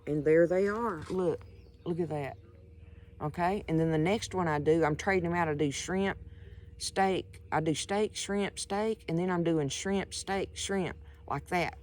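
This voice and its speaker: A woman's voice: fairly low pitch, measured pace, a little mellow. A woman hosting a casual cooking demonstration, chatty and folksy, talking straight to her viewers outdoors at night. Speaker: cooking show host.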